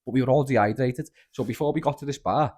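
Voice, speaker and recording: A young man with a Liverpool accent hosting a podcast, telling stories in animated, casual chat full of swearing and "lad". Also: mid-range voice, fast, breathy edge. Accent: Liverpool (Scouse). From Liverpool, England. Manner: animated storyteller, swears freely, lots of "lad" and "like". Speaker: podcast host.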